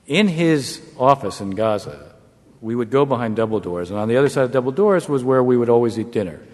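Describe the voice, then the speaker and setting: A man, a former negotiator, telling a wry anecdote to an audience in a measured way. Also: medium pitch, lively intonation, a little mellow. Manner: measured, wry storytelling with brief chuckles. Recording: long hall reverb.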